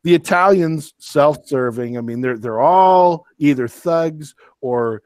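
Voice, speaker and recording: A man's voice: a little high, takes it slowly, darkish tone, clear, resonant tone, dry recording. A man co-hosting a podcast chat, worked up and ranting emphatically. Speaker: podcast co-host. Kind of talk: casual chat.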